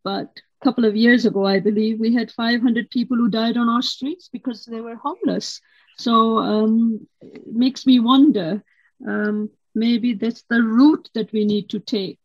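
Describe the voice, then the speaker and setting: A woman hosting an interview, speaking softly and supportively with plenty of "um"s. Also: a little high, fairly even intonation, unhurried, dry recording. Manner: soft, supportive listener. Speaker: host. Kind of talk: interview host. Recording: dry, dull lo-fi.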